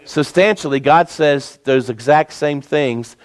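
Guy preaching a sermon, pretty high voice, slows down hard on the big words. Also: clear, resonant tone. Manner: preaching with emphatic, slowed-down stresses. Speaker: pastor.

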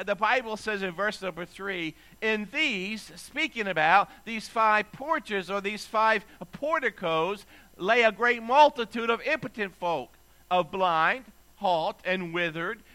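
A man preaching a sermon as pastor, slowing down and emphatic when reading scripture aloud. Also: high-pitched, sharp tone.

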